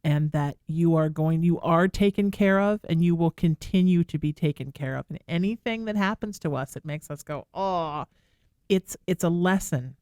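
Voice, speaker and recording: A woman hosting a talk radio show, giving gentle, affectionate advice to a caller while close to tears. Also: lowish voice, moderate pace, no room sound. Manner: soothing, affectionate, calls the caller sweetheart. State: tearful. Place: radio studio. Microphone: studio microphone.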